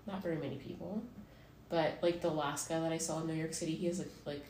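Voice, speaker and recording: A woman's voice: low-pitched, steady tone, fast talker, a little mellow. A woman hosting a podcast in casual chat, laughing often and swearing freely. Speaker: podcast host. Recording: roomy echo with faint noise.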